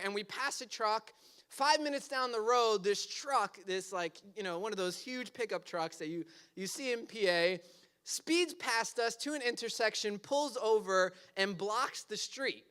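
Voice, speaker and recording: Bright-voiced high man preaching. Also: clear, resonant tone. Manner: animated storytelling, frequent "like" fillers. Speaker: pastor. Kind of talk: sermon with personal story.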